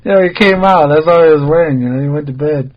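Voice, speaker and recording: A man's voice: fairly high pitch, normal speed, highs cut off. An American man hosting a podcast, telling a rambling story in casual chat, full of "like" fillers and swearing. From United States. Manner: laid-back, rambling, heavy on "like" fillers and swearing. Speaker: podcast host.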